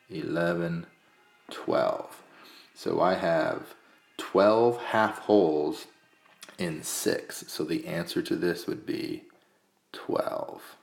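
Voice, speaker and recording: Very low-voiced man teaching math. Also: creaky, roomy sound. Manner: calm step-by-step explaining, counting aloud. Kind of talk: screencast math lesson.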